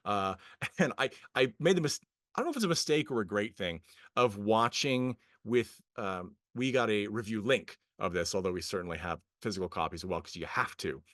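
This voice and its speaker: A man's voice: on the low side, animated, brisk, a bit bright, no room sound, clean studio sound. A man co-hosting a podcast, reviewing a film in casual chat, rambling with many fillers and restarts, amused and often laughing. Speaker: podcast co-host.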